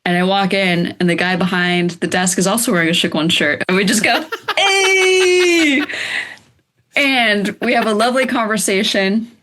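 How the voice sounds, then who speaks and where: A young woman from the United States, a band's bassist, telling stories in a casual interview with many "like"s and laughs. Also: steady tone, a little fast, few pauses, a bit bright. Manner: chatty, laughing storyteller with lots of "like". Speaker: band bassist, guest.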